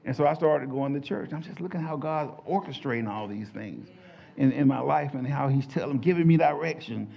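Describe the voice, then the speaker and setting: A man preaching a testimony as a lively storyteller who acts out the voices in his tale. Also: mid-range voice, fairly quick, vocal fry, lo-fi sound. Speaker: church speaker giving testimony.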